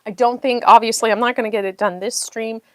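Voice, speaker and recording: A woman's voice: fairly high pitch, steady tone, fast. A woman hosting a casual livestream while she builds a jigsaw puzzle, chatting freely and thanking her viewers effusively.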